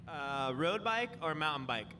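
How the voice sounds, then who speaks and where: Man, playful interviewer, slow speech, bright tone, event bar. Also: on the high side, expressive, slight background noise. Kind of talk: rapid-fire questions.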